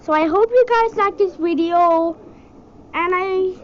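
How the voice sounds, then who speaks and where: A woman from India giving excitable let's-play commentary, yelping and exclaiming as she plays. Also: very high voice, unhurried. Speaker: gaming channel host. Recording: dull lo-fi audio with game music. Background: game music.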